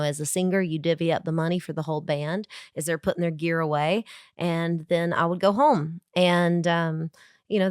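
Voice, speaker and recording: Woman telling lively stories. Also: fairly low pitch, smooth, no echo, clean studio sound. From Georgia, USA. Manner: chatty, animated anecdotes with acted quotes and fillers. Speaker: guest, country singer. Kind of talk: casual storytelling in a podcast interview. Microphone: remote call from Nashville.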